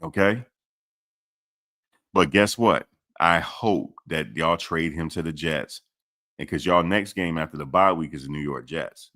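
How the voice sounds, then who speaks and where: A man's voice: sits low, a bit bright. A man hosting casual sports commentary, emphatic and repetitive, swearing casually as he makes his points.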